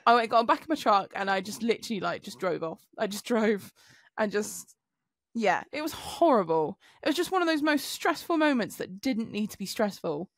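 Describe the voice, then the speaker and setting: A woman on a podcast, telling an animated story with swearing. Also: mid-range voice, normal speed, dry recording, clean studio sound. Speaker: podcast co-host. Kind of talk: casual chat.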